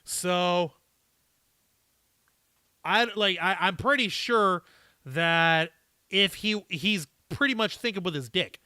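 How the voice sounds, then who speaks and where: A man hosts a live stream in a casual, profane and rambling way, reacting to viewer comments. His voice sits high and bright, with a smooth, clear tone. The sound is dry and close. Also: slow pace, long pauses, no echo.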